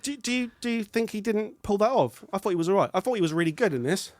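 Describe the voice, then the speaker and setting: A man co-hosting a podcast, chatting excitedly about a film and laughing as he goes. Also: sits high, fast, no room sound, studio quality. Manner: excitable, animated, laughing while he talks. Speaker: podcast co-host. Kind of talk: casual film review chat.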